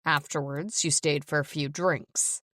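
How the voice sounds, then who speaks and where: A woman's voice: low-pitched, fairly even intonation, a little slow, a bit bright, dry recording, clean studio sound. A woman reading an audiobook, voicing a cold, stern, controlling man who gives orders. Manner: stern, commanding.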